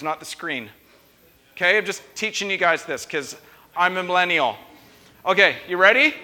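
Young man, pastor, high voice, playful chatty sermon, long church reverb. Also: pushed and bright. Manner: playful, chatty, teasing the congregation. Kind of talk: conversational sermon. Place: church sanctuary.

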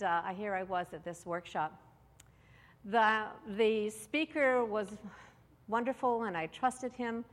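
A woman's voice: medium pitch, a bit bright. A woman giving a candid, self-mocking personal testimony talk, full of fillers and asides. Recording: long hall reverb.

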